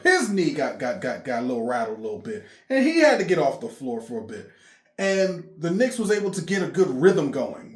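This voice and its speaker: A man, excitedly recapping a basketball game for his fan vlog, emphatic and repeating himself. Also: high-pitched, echoey room. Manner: animated, emphatic, repeats himself, laughs often. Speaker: sports fan vlogger.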